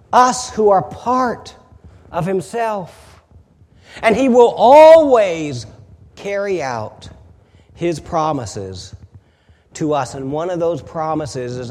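A man preaching a sermon as a pastor, emphatic, building louder on repeated phrases. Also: fairly high pitch, in a large hall.

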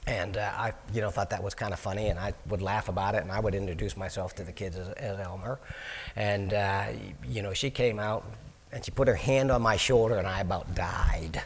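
A man with a fairly low, slightly rough voice tells his life testimony in a homespun storytelling style, talking fairly quickly with fairly even intonation. He restarts and repeats words and takes on the voices of people he quotes. A long reverb makes it sound like a large hall.

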